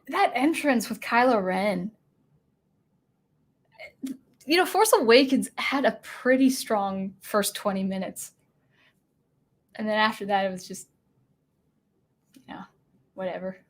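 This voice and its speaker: A young woman from Washington state hosting a casual livestream, chatting in a rambling way with many fillers and restarts. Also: medium pitch. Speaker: livestream host.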